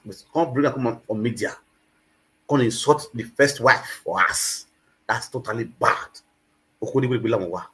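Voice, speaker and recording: A man hosting a talk stream in a middle-range voice. He lectures forcefully and talks down to his listeners. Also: medium pitch. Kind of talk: preachy commentary.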